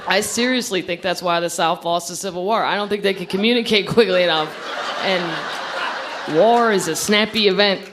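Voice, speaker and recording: A woman's voice: lowish voice, noisy background. A woman comedian from the Midwest telling wry, sardonic stories in a stand-up set and a chat. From Missouri, US Midwest. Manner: sardonic, wry, quick storytelling with put-on accents. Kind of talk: stand-up routine and casual interview chat.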